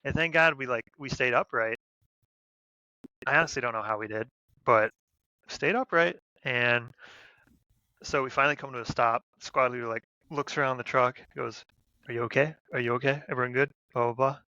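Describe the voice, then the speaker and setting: Brief: bright-voiced male vet co-host, animated and profane storyteller, dry and slightly lo-fi. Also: medium pitch, normal speed, dry recording. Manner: rambling, profane, animated retelling with loud quoted shouts. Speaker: podcast co-host, army veteran. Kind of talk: casual storytelling chat.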